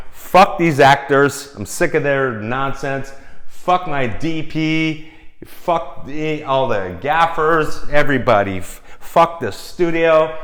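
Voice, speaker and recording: A man's voice: mid-range voice, fairly bright tone, voice pushed up. A man acting out a fed-up male film director ranting and swearing at everyone. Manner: ranting, profane outburst.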